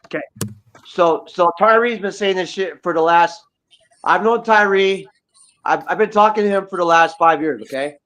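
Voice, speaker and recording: On a livestream, a man appearing as a guest rapper launches into a profane, combative rant full of repeated words. His voice is high and a bit bright, and he talks at a normal speed. The audio is dull and lo-fi.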